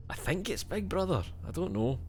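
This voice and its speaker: A man's voice: a little high, a little hiss or hum. A young Scottish man playing a video game and thinking aloud in casual, swear-filled commentary. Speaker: gaming streamer.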